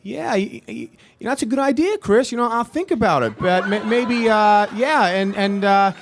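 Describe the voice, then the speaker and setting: Guy putting on a soft-spoken film director voice, way higher than his own, stammering and hedging, never quite saying no. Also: very animated, moderate pace, a little hiss or hum. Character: gentle hesitant male film director.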